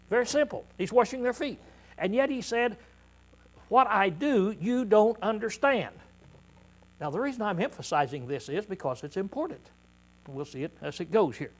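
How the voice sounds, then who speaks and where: Throat-clearing male preacher, conversational sermon. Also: high-pitched. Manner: reads scripture aloud, then explains it plainly; conversational, uses hands-on demonstration with congregation.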